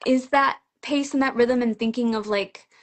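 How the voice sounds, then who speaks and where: A middle-aged woman, a picture book author, chatting as a guest and telling an animated story full of "like" fillers and laughter. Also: fairly high pitch, normal speed. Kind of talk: casual chat.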